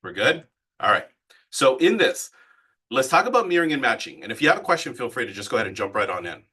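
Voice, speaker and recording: Man, sales coach, live training, bright tone, slightly husky, animated, asks the group questions. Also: medium pitch, fast. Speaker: real estate sales coach.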